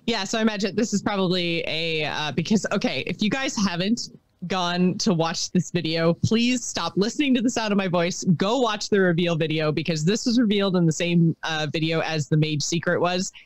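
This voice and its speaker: A woman co-hosting a podcast in casual chat, excitable and laughing often, with lots of fillers. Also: fairly low pitch, normal speed, dry recording. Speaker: podcast co-host.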